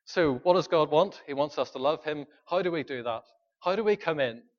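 Earnest preacher, slightly high voice. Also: male voice, lively intonation, moderate pace, muffled recording. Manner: earnest, pleading, questions the congregation. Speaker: pastor. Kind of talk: sermon.

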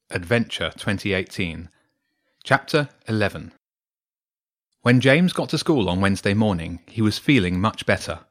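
A man reading a bedtime story aloud to his children, in an expressive read-aloud way. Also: lowish voice.

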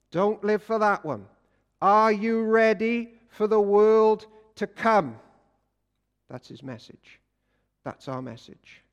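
A man preaching a sermon, an energetic storyteller who swings between loud and hushed. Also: fairly high pitch. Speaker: pastor. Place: church. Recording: long church reverb.

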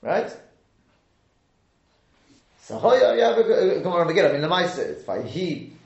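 A man teaches a live Torah study lecture, lively and dramatizing the speakers he quotes while frequently correcting himself mid-sentence. His high, creaky voice moves at a moderate pace. The recording has a roomy echo and cut-off highs.

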